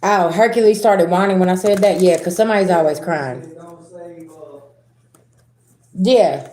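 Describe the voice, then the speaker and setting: A woman's voice: on the low side, measured pace, dark tone, echoey room. Blunt, profane Southern woman reader. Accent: Southern American. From Southern United States. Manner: blunt and profane, acts out arguments. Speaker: spiritual reader. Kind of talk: casual tarot reading to viewers.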